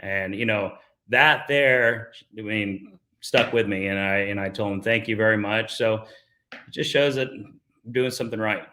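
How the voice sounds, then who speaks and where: A man's voice: lowish voice, measured pace, sharp tone. A middle-aged man from South Texas, a golfer guest, telling stories in casual talk, full of fillers and restarts. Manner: storytelling with many fillers and restarts.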